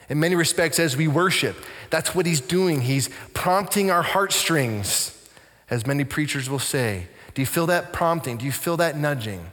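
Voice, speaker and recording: Man, pastor from Canada, sermon, animated, long hall reverb. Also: fairly high pitch, moderate pace. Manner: animated storytelling, drops to soft intense tones.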